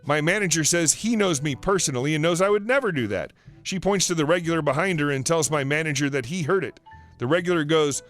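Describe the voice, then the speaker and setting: Man, fairly high voice, story narrator, steady read, soft music underneath. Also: fast talker. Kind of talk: reading online stories aloud.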